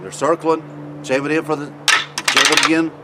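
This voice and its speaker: Guy talking hunting outside, loud noise, repeats himself a lot. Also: on the high side, little pitch movement. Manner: folksy, repeats himself, pauses to demonstrate. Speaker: hunting video host. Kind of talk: casual outdoor demonstration. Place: outdoors. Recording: loud background noise outdoors.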